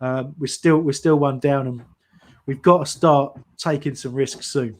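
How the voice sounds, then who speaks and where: A man's voice: mid-range voice, steady tone, a little slow. A man giving live football commentary and analysis on a fan watch-along, chatty and thinking aloud with many restarts.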